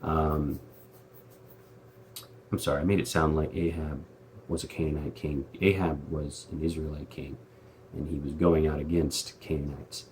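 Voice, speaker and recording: A man's voice: rumbling low, flat delivery, measured pace, pauses often, a little mellow, a little hiss or hum. A man hosting a casual Bible commentary, talking in a chatty, slangy way with lots of fillers and restarts. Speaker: host.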